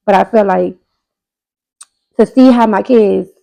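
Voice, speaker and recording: A woman's voice: medium pitch, creaky, warm tone, rough recording. A woman in her thirties co-hosting a casual podcast chat, speaking candidly and emphatically. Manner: candid and emphatic, quick bursts. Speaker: podcast co-host.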